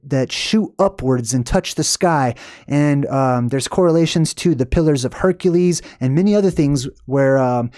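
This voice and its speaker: A man's voice: on the high side, dark tone, no room sound, clean studio sound. A man hosting his own channel, explaining lore in a casual livestream lecture, rambling with many "um"s and asking "right?" to check in. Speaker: channel host.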